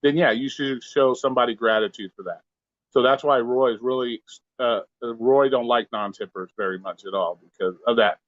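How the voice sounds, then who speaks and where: A man's voice: mid-range voice, moderate pace, no echo, highs cut off. A man, a delivery driver, telling a heated, profane story in casual talk and acting out the lines of the people in it. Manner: profane, heated, acts out quotes. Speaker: pizza delivery driver guest.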